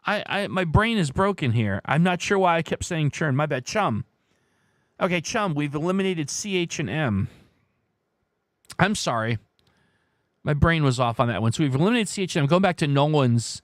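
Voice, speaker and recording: A man's voice: fairly high pitch, expressive, moderate pace, no echo, studio quality. A man hosting a casual live stream, thinking aloud as he weighs guesses and chats with viewers.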